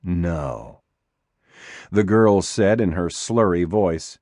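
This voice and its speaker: Deep voiced guy reading a thriller, measured and expressive, really dry sound. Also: no room sound. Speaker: audiobook narrator. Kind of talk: scripted narration.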